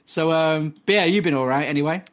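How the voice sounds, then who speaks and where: A man's voice: a little high, quick pace. Rambling British man chatting casually. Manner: rambling, filler-heavy, laughs easily. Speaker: podcast co-host. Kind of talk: casual chat.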